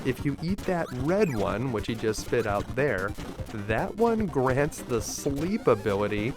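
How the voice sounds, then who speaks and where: A man host narrating a scripted video game walkthrough in an upbeat, lightly joking way, over clear game music. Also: mid-range voice, big pitch swings, a little slow.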